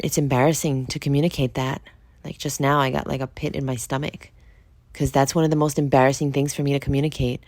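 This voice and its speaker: A woman hosts her own podcast, talking alone in a candid, confessional monologue. Her voice sits very low. She curses casually and keeps turning to the listener with questions. The recording is dry, with no room sound. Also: a little mellow, no echo. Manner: frank and confessional, swears freely; conversational, asks listeners direct questions. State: just woke up. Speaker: podcast host.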